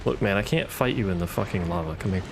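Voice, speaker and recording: Gaming streamer, man, low voice with a gravelly edge, dry and cussing commentary. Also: quick pace, noisy background. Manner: wry, profane, talks to enemies. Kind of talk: casual gameplay commentary.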